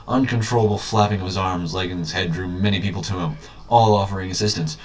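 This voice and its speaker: Deadpan man reading with mocking asides. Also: deep voice, fast. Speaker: reader. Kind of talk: reading a book aloud with sarcastic asides. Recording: echoey room, distant mic, faint hiss.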